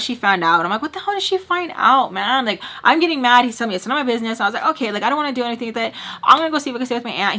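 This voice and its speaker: Bright, animated storytime woman. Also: fairly high pitch. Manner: expressive, dramatic retelling with heavy "like" fillers. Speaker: storytime vlogger. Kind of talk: casual storytime chat.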